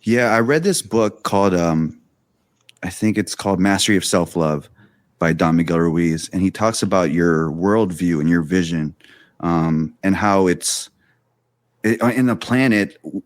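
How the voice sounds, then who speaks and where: A man's voice: low-pitched, no room sound. A man hosting a podcast, mostly listening with short replies, then speaking at length in a thoughtful way. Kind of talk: casual podcast conversation.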